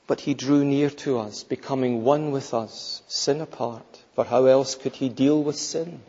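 A man preaching a sermon emphatically, building to fervent peaks and dropping low. The sound is dull and lo-fi in a large church with long reverb. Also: steady tone, measured pace, dark tone, husky.

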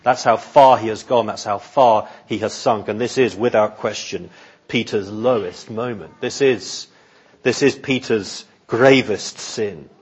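A man preaching an expository sermon in an earnest, measured way, often repeating words as he thinks. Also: fairly low pitch, breathy edge.

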